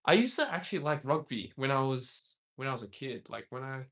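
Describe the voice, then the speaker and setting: A young man on a relaxed livestream, rambling through viewer comments and laughing often. His voice sits at an ordinary middle pitch. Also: brisk. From Australia. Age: young adult. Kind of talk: casual live-stream chat.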